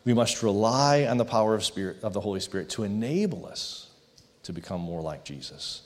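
A man preaching as a pastor and leading an earnest closing prayer, slowing down on the words he wants to land. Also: lowish voice, expressive. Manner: earnest, pleading, slows on key phrases. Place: church sanctuary. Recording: long hall reverb.

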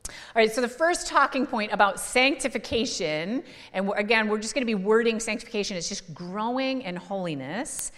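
A woman's voice: mid-range voice, expressive, a little fast, hardly any pauses, a bit bright, in a large hall. A woman pastor giving a sermon in a church, talking in a conversational way with fillers and restarts.

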